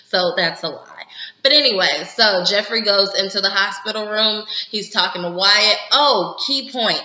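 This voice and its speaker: Woman, chatty TV recap, bright forceful voice, roomy echo, slightly dull lo-fi sound. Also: mid-range voice, a little slow. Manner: chatty, retells scenes with quoted dialogue, frequent "like". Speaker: TV episode reviewer. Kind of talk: casual recap and commentary.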